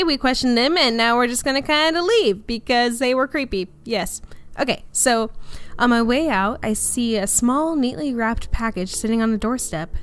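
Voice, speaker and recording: A woman's voice: on the high side, a bit bright, clear, resonant tone. A woman hosting a gaming video, reading a visual novel aloud with chatty, lightly self-deprecating asides. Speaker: gaming YouTuber.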